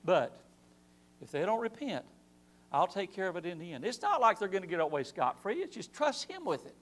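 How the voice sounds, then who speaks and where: Lively high-voiced man teaching Bible class. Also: a little fast. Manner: animated preaching with rhetorical questions and acted-out quotes. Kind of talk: church Bible class lesson. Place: church.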